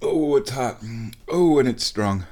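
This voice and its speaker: Warm in tone and medium in pitch, this man speaks slowly but animatedly while making tea in his home kitchen for a casual vlog. As the host, he plays around, humming and talking to himself as he works.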